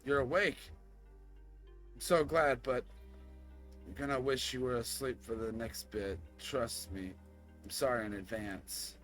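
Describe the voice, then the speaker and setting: Brief: man voicing sorry, gentle lab worker woman, slow delivery, faint music under. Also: medium pitch, fairly even intonation, close to an everyday voice. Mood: apologetic.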